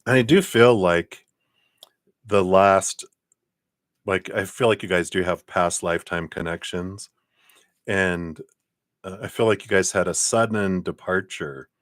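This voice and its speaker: A man with a low, deep voice reads tarot cards in a loose, conversational way. He sounds encouraging and thinks aloud with easy fillers. The sound is close and dry, with no room around it. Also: a bit bright, no room sound. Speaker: tarot card reader. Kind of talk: casual live tarot reading.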